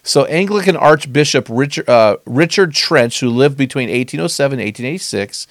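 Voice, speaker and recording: Man, middle-aged, earnest, emphatic, conversational bible teaching, mid pitch, dry close sound. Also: expressive, brisk, dry recording. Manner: earnest, emphatic, stretches key phrases.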